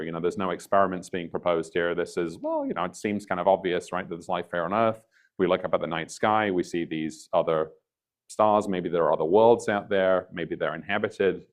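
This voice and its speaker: Man, very low voice, guest lecturer, dry humor, lots of ums, video call. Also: lively intonation, a little fast. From UK, near Liverpool. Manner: dry, wry humor, many ums and uhs. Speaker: guest speaker. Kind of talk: public science lecture.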